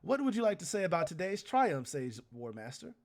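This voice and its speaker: A man voicing a flamboyant male city herald who announces news in a grandiose, booming style. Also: very animated, brisk. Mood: showy.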